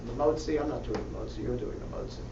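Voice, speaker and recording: A man's voice: medium pitch, very fast, over a noisy crowd. A man leading a synagogue prayer service, reciting prayers and making chatty, joking asides to the congregation. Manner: chatty and jokey between prayers. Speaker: service leader. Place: synagogue sanctuary. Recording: echoey, dull room sound from far off. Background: congregation noise.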